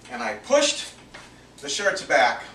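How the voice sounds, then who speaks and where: Man, minister, sermon testimony, earnest, bright voice, roomy distant sound. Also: high voice, wildly swooping pitch, slow, vocal fry. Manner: earnest, confessional, drops to near-whisper for inner thoughts. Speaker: minister telling a personal story. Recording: echoey from a distance, faint background noise.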